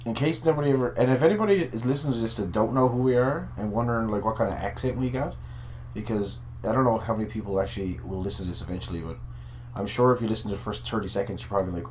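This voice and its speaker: A man with a Newfoundland accent talks quickly in a low register, joking and cursing through a casual podcast chat. There is a faint hiss of noise behind his voice. He tells his stories in a loose, rambling way. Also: darkish tone. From Newfoundland, Canada. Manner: joking, profane, rambling storyteller. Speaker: podcast co-host. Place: at home.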